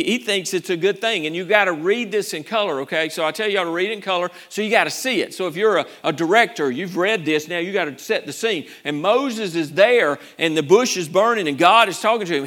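Male pastor, high bright voice, animated sermon delivery. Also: brisk, few pauses. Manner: animated preacher acting out scripture scenes.

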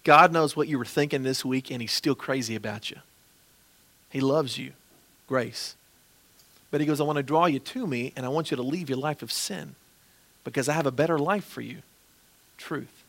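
A man preaching as a pastor, earnestly and gently pleading as he leads a closing prayer. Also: medium pitch, normal speed, pauses often.

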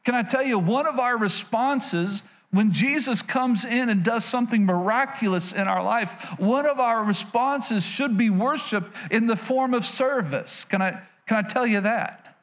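A man with a notably high voice preaches to his congregation with real energy. He reads scripture, then slips into playful asides and calls out for an amen. The sound has the feel of a church service. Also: a little slow, few pauses, fairly bright tone. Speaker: pastor. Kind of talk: sermon.

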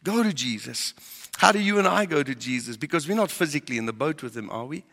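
Male pastor preaching; emphatic questions, bright voice, reverberant hall sound. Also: fairly high pitch, animated, fast. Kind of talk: sermon.

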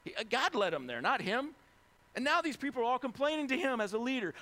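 A man preaching a sermon as a pastor, animated and conversational, acting out scenes in casual voices. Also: very high-pitched, fairly quick. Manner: animated, acts out biblical figures in casual voices.

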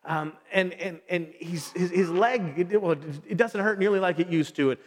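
Animated preacher man, high voice. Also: moderate pace. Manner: animated storytelling, acts out his son's voice. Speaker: pastor. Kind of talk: sermon. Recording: long hall reverb.

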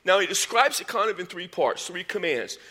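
A man delivering a sermon from the pulpit, his voice bright and sharp-edged. He sits a little higher than most men and climbs higher still as he drives a point home, with homespun asides along the way. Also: fairly quick. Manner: animated preaching, rising in pitch and volume when stressing points; folksy asides and sports metaphors. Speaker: pastor.

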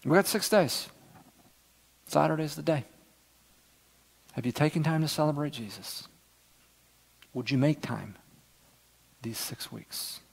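A middle-aged man preaching a sermon as pastor, earnest, swinging from loud emphasis down to near-whispers. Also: on the high side, measured pace, gravelly, pauses often, slightly rough.

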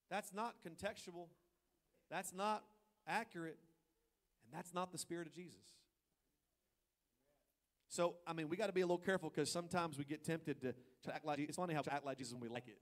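A man preaching a sermon as pastor, swinging from quiet asides to loud emphatic stretches and acting out people's thoughts in playful quoted voices. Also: fairly high pitch, fairly even intonation, brisk, long pauses.

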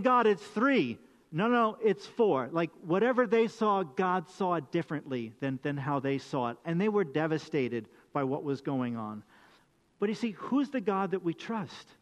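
A middle-aged man preaching a sermon and telling a story about his daughter, animated and prone to repeating words as he goes. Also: a little high, big-room sound. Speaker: pastor.

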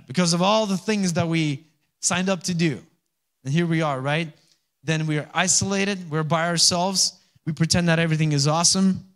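In a somewhat high, slightly bright voice, the pastor delivers his sermon in a conversational style, often pausing to ask the congregation to respond.

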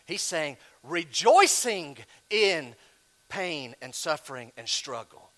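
Man, pastor preaching, high voice, lively up-and-down delivery, loud bursts then quiet asides. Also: takes it slowly. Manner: animated preaching, swinging from loud emphasis to hushed asides. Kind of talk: sermon.

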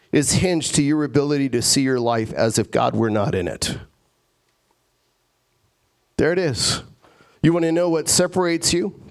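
A male pastor preaching a sermon in an earnest way, repeating phrases and stammering into restarts. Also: a little high.

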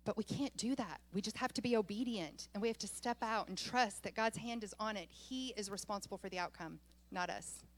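A woman pastor preaching a sermon, telling a personal story in an animated way and laughing often as she goes. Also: mid-range voice, a little fast.

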